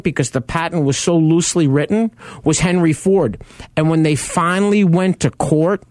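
A man's voice: fairly high pitch, no echo, studio quality. A man co-hosting a radio show, telling car history in casual chat with enthusiasm. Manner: animated storyteller, tells car history with enthusiasm.

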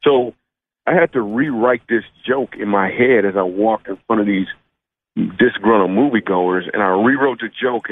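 A comedian in his thirties from Michigan, joking and telling stories in a laid-back way during a radio interview over the phone. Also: lowish voice. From Michigan, USA. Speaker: comedian guest. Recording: tinny phone line.

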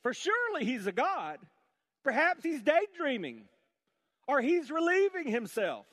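Preacher doing a snarky prophet, high sing-song taunts, loud scoffing. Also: male voice, huge pitch swings, measured pace, no room sound, heavily acted. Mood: mocking. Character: mocking male prophet taunting rivals.

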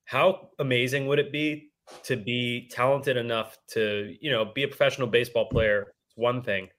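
A man's voice: mid-range voice, fairly even intonation, moderate pace, a bit bright. A man co-hosting a casual sports podcast, joking and self-mocking as he gives his stats notes. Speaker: podcast co-host.

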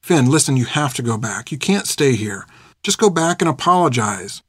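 A man's voice: medium pitch, sing-song, moderate pace, fairly bright tone, husky, dry recording, clean studio sound. A man doing an earnest, worried young man. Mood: urging. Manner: earnest, urging.

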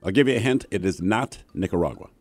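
A man hosts a comedy radio quiz, teasing the callers. His voice moves lively up and down, with faint music behind him. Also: low voice, fast, husky, no room sound. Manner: jokey, teasing. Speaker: radio host.

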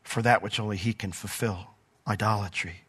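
A man's voice: fairly low pitch, fairly even intonation, moderate pace, a bit bright, husky. A man preaching a conversational sermon as pastor of a church, reading scripture and acting out short quoted voices.

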